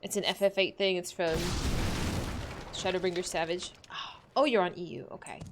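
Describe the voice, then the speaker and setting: A woman from Los Angeles, chatting excitably with viewers during a gaming livestream, laughing often. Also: on the low side, normal speed, background noise. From Los Angeles, USA. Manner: excitable, giggly, greets viewers. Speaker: game streamer. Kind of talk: casual livestream chat while gaming.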